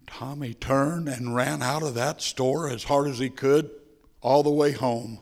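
A man preaching a sermon, telling a story with passion, dropping to a hush and then rising loud. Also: medium pitch, steady tone, unhurried. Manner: impassioned, swings between hushed and loud.

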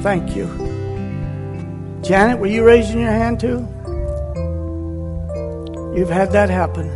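High-pitched fervent male preacher. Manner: fervent preaching, drawn-out emphatic phrases. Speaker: pastor. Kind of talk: sermon. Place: church sanctuary. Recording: church hall reverb with soft music.

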